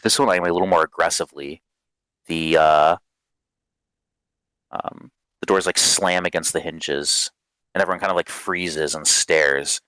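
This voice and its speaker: A man narrating a tabletop game as game master in a casual, halting way full of fillers. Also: low voice, steady tone, bright, forceful tone, clean tone, no echo.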